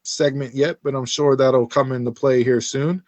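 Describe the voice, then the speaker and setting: A man in his thirties co-hosting a casual podcast, telling a story with lively acted-out quotes. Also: mid-range voice, normal speed, no room sound. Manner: animated storyteller, acts out quotes. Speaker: podcast co-host.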